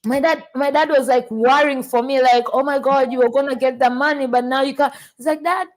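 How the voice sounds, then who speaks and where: A woman from Tanzania hosting a casual podcast chat, telling stories in an animated way and often repeating words as she starts a sentence. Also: high voice, a little fast. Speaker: podcast host.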